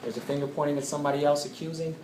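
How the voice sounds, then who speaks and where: A man giving an animated talk to a live audience in a coffeehouse, drawing answers from the listeners. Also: fairly high pitch, very fast, background noise. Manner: animated, draws answers from the crowd. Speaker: speaker. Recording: echoey room with loud ambience.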